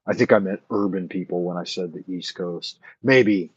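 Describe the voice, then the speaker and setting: Low, husky man rambling on a dull mic. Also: normal speed, no room sound. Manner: rambling, thinking aloud with many fillers. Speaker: livestream host answering chat. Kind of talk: casual late-night chat.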